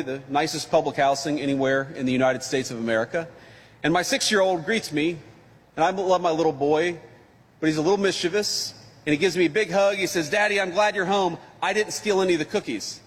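A man's voice: a little high, slightly rough. A man giving a public speech, joking and telling a story. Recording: echoey hall.

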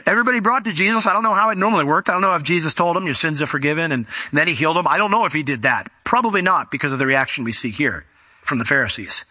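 Bright, dry-sounding male preacher. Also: on the high side, expressive, rapid-fire, no echo. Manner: conversational, acts out quoted voices. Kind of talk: sermon.

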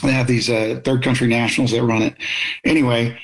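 A middle-aged man in a conversational interview, speaking at a moderate pitch. He is blunt and opinionated, and he tells stories from his military service in a plain, direct way. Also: level tone, fairly quick, low-quality recording. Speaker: guest, military officer.

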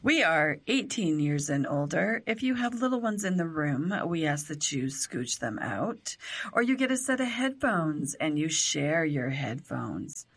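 Woman, radio host, low voice, very lively intonation, bold, teasing, casual studio talk. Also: unhurried, husky.

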